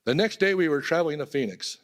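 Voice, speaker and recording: Guy giving a eulogy, slightly high voice, chatty storytelling, laid back. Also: animated, quick pace. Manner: casual, conversational, personal anecdotes. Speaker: eulogy speaker at a memorial. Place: temple hall.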